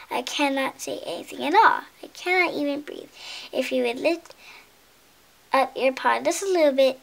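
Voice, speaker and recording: A woman's voice: high-pitched, gravelly, fairly bright tone, full character voice. A woman doing a chirpy, boastful little squirrel. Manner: chirpy sing-song taunting.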